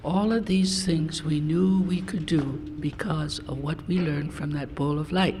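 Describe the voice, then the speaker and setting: A man telling a gentle story to an audience, coaxing them to join in. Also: on the high side, steady tone, a little slow. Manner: gentle, coaxing, talks straight to listeners. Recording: live hall with long reverb and faint noise.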